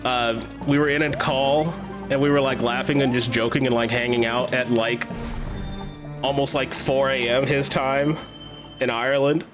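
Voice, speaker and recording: A man's voice: mid-range voice, steady tone, normal speed. A man streaming a game, chatting casually with his viewers, laughing often and swearing freely. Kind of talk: casual chat while gaming. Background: game music.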